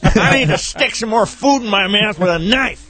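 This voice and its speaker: A man's voice: sits high, lively intonation, normal speed, a crowd in the background, pitched above the performer's own voice. A man putting on an impression of a crude world leader who swears offhandedly while eating. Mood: dismissive. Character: impression of a crude, gruff world leader talking with his mouth full.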